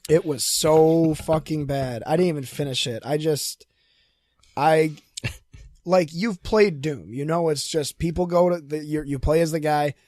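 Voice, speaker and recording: A man's voice: on the high side, a little slow, no room sound, clean studio sound. A young man co-hosting a podcast, telling stories in casual chat with swearing and frequent laughter. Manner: animated, swearing storyteller, laughs often. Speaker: podcast co-host.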